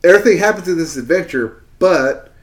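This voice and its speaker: Relaxed, halting male co-host. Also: on the high side. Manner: relaxed, halting, trails off with fillers. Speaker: podcast co-host. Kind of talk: casual movie podcast chat.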